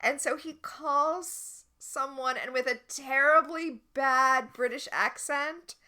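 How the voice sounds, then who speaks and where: A woman co-hosts a casual podcast, recapping a TV episode. She is chatty and wry, with a bright, slightly high voice. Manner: chatty, wry and quick to critique. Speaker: podcast co-host.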